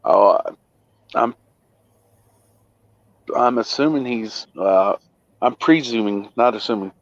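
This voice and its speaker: A tired man hosts a casual livestream chat, his voice at a middle pitch. He rambles in a laid-back way and corrects himself mid-sentence, and the stream audio comes through muffled and lo-fi. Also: slow, dry recording. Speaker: livestream host.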